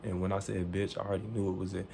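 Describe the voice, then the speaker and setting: A man with a low, warm, mellow voice tells a story in an animated and emphatic way. He swears freely and acts out the lines people said. A faint hiss sits behind him. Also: very fast, creaky. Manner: profane, emphatic, acts out quoted dialogue.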